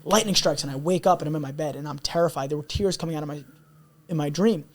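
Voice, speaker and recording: A man's voice: fairly high pitch, fast. A young man telling a personal story in a candid, intense, earnest way, as a podcast guest. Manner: intense, earnest, repeats himself.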